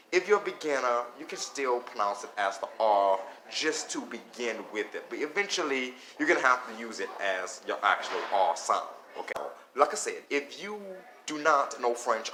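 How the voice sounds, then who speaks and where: A man's voice: medium pitch, bright, forceful tone. A man giving a casual spoken beginner language lesson, talking loosely and often checking in with "okay?". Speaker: language teacher. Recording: echoey room with faint noise.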